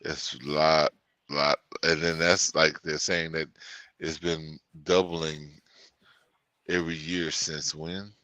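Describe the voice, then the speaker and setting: Very deep-voiced man in dry chat. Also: level tone, sharp tone, no echo. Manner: halting, loses his train of thought. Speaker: co-host. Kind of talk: casual chat.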